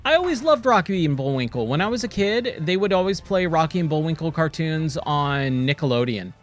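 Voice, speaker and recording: A man in his forties streaming a game, rambling casually and nostalgically, full of "dude" and quick excited asides. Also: a little high. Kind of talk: casual gameplay commentary. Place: home, playing a VR game.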